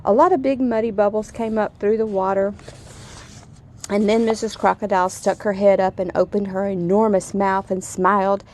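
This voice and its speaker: A woman reading a children's story aloud in a gentle, expressive storytelling manner. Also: mid-range voice, moderate pace.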